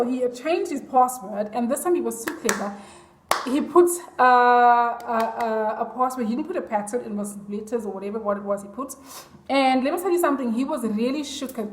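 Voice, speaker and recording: A woman with a high voice tells a story to her vlog audience in a chatty, confiding way. She fills it with ums and "I'm like". The room has a noticeable echo. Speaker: vlogger.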